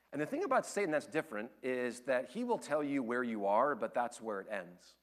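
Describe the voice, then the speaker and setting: A man preaching a sermon as pastor, swinging between loud, excited storytelling and quiet, earnest appeals. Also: mid-range voice.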